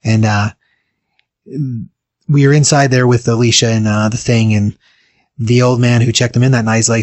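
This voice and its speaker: A man's voice: medium pitch, level tone, normal speed, long pauses, no room sound. A man casually retelling a story as host, rambling with many fillers.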